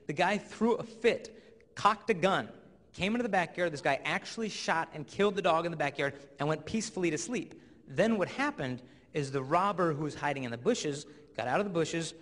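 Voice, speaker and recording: A young man with a somewhat high voice holds the stage as a youth speaker, telling playful stories and slipping into characters. His talk rings with the long reverb of a large hall full of listeners. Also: a bit bright. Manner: playful storyteller who acts out characters. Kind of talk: comedic stage talk to a live audience.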